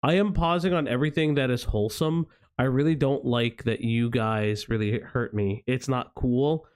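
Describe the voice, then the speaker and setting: A man hosting a live stream in casual chat, rambling and swearing, who drops to a low mumble when he thanks his chat. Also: moderate pace, darkish tone, clean tone. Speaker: stream host.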